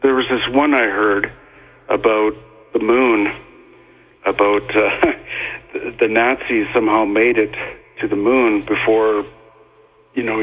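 A man talking as a guest on a call-in radio show, halting and full of fillers and restarts, heard over a phone line. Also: on the low side, husky.

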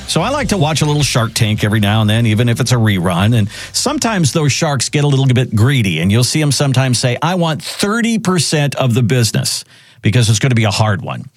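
A man hosting a radio talk show, chatting in a lively, conversational way. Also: medium pitch, fast talker, no echo, faint music behind.

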